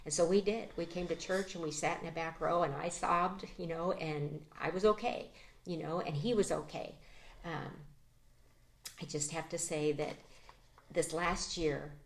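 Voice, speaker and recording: A middle-aged woman giving an emotional personal testimony as an interview guest, soft-spoken and halting, with many pauses and restarts. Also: deep voice, fairly even intonation, gravelly.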